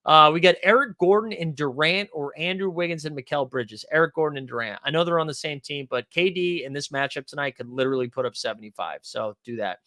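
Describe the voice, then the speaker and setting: A man hosting a live fantasy basketball stream, fast-talking, loose and profane, answering viewers' questions and thinking his picks through aloud. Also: fairly high pitch, pushed and bright, no echo. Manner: fast-talking, says so himself. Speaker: fantasy sports streamer host.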